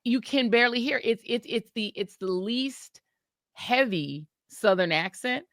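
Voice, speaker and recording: A woman co-hosts a podcast in a relaxed, gossipy chat. Her voice is bright and forward, with pitch that swings widely as she tells stories with emphasis. The sound is close and dry. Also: a little slow, no echo. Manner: animated, emphatic storytelling with laughs. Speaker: podcast co-host. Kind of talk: casual chat.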